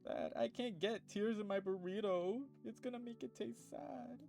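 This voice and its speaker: A man voicing a playful, affectionate teenage girl in a high-pitched, sing-song girlish voice in a game. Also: moderate pace, gravelly, a little mellow, soft background music. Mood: tearful, teasing.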